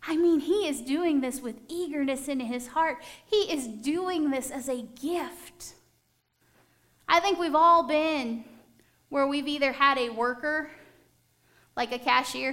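A woman delivering a sermon in a high, bright voice. She tells the story with lively animation and slips into the voices of the people in it. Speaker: preacher.

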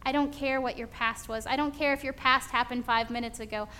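A woman's voice: a little high, steady tone, fairly quick, sharp tone, a little hiss or hum. A woman preacher voicing God as a loving male presence, speaking tender, repeated reassurances in a sermon skit.

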